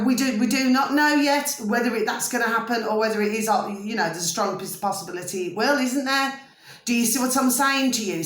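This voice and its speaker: Middle-aged woman, rambling home vlogger, slightly high voice, echoey room. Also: a bit bright. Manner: rambling, repeatedly asks "do you see what I mean". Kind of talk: casual monologue to camera.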